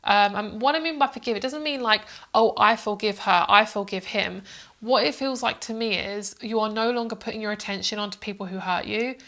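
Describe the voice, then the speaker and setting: A woman's voice: on the high side, quick pace, hardly any pauses. Chatty, motherly woman giving a tarot reading. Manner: warm, motherly and chatty, calls viewers "my love"; rambling, with many fillers and restarts. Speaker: psychic tarot reader. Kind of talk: casual tarot reading to camera.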